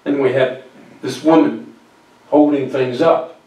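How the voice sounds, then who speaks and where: A man's voice: mid-range voice, steady tone, takes it slowly, warm tone. Man preaching a story in an echoey church. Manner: acts out quoted voices, drops to near whispers. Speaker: guest speaker. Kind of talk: storytelling sermon. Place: church sanctuary. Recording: very echoey church recording from far off.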